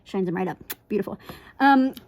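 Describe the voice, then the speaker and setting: A woman's voice: mid-range voice, animated, vocal fry, muffled recording. A woman dog groomer giving a casual how-to demonstration, chatty and reassuring, often checking in with "right?" and playfully acting out a nervous dog. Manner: playfully acts out a scared dog in quick voices.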